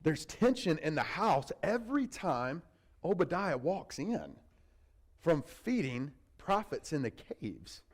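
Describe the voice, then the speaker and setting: Lively, high-voiced male preacher. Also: slow pace, low-quality recording. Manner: animated storytelling, conversational asides. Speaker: pastor. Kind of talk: sermon.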